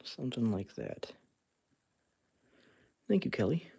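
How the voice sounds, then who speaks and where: A slow-talking man with a mid-range, dark, slightly rough voice, vocal fry and wildly swooping pitch hosts a casual live stream while sculpting clay. He chats and laughs often, narrating his handiwork, talking to fans and reading out the chat.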